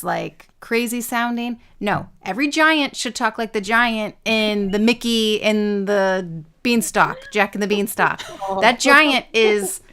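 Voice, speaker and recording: Opinionated woman co-host, smooth voice. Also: mid-range voice. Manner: opinionated, animated, repeats herself. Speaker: podcast co-host. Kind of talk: casual chat.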